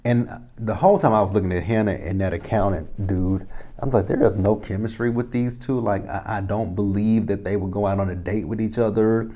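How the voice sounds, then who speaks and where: A man in his thirties recaps a TV drama episode in a loose, rambling way, full of profanity and exasperated asides. His voice sits low and sounds warm and mellow. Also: fairly even intonation, fairly quick. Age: 30s. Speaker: TV episode reviewer. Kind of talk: casual recap and commentary.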